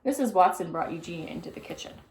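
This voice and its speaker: A woman reads a children's storybook aloud, her voice rising and falling with lively expression. The recording carries a noticeable room echo. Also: on the low side, fast. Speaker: narrator. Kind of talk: reading a children's book aloud. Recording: roomy echo.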